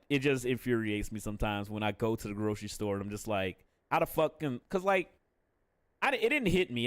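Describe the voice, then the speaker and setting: A man's voice: mid-range voice, dry recording, clean studio sound. Profane, candid man streaming live. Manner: profane, candid and laughing often. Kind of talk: casual live-stream chat.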